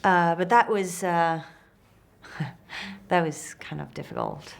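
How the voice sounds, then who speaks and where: A woman's voice: lowish voice, takes it slowly, vocal fry, slight background noise. A woman with a French accent, an actress speaking English as a second language in an interview, hesitant and searching for words. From France. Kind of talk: interview answers.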